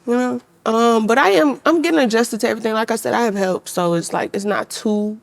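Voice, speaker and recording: A young woman, chatting casually as an interview guest, relaxed and slangy, laughing often. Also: a little high, fairly quick, creaky, no echo. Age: young adult.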